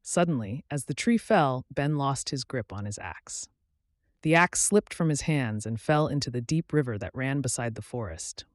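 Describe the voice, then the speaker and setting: Man with lively storybook narration. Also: mid-range voice, no room sound, studio quality. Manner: clear, measured, expressive. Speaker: channel host and storyteller. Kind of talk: scripted story narration for English learners.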